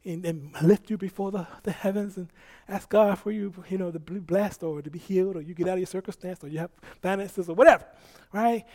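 A man preaching a sermon as pastor, reading scripture aloud and swinging from soft asides to loud bursts. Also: high-pitched. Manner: reads scripture aloud with halting restarts and laughs.

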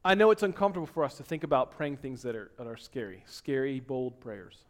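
A man preaching a sermon, dropping to hushed tones and then rising to loud, emphatic exhortation. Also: medium pitch, very animated, a little fast. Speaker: pastor.

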